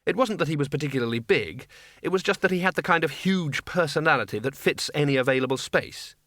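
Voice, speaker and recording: A man's voice: fairly high pitch, expressive, quick pace, fairly bright tone, no room sound. A man narrating a comic fantasy audiobook in a dry, wry storytelling manner on a close studio mic. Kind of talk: scripted narration.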